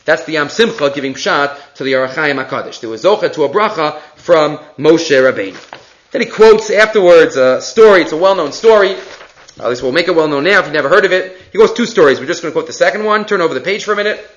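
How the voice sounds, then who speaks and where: A man teaching a Torah class in a high, lively voice that swoops up and down as he tells stories with sing-song emphasis. The recording sounds dull and lo-fi. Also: quick pace.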